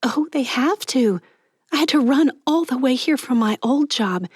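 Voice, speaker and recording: A woman voicing an anxious young woman in an audiobook, pleading and high-strung as she fakes panic. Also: unhurried, darkish tone, dry recording, clean studio sound. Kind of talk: audiobook character reading.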